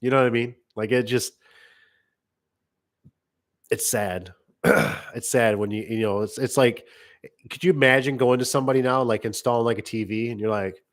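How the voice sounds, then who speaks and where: A man's voice: medium pitch, steady tone, normal speed, pauses often. Middle-aged tradesman, casual rambling anecdotes, everyday voice, fits a business owner's vlog. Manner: rambling, acts out customer voices. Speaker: garage door business owner. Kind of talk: casual storytelling monologue.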